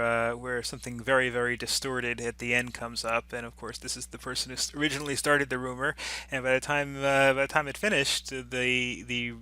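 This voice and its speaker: A middle-aged man lecturing on business topics in a loose, unscripted way. His voice is bright and clear-edged at an ordinary pitch. He circles back and restarts his sentences often. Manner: rambling, full of restarts and asides.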